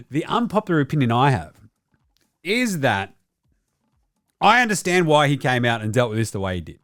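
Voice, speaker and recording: A man's voice: medium pitch, very animated, moderate pace, long pauses, a bit bright, no room sound. A man with an Australian accent hosting a casual basketball show, ranting with a lot of swearing. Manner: profane, ranting. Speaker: host.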